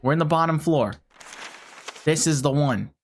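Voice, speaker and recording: A game streamer offers casual live commentary as he talks his way through a puzzle, swearing frequently out of frustration. His voice sits in the mid-range, his pace is moderate, and faint music plays in the background.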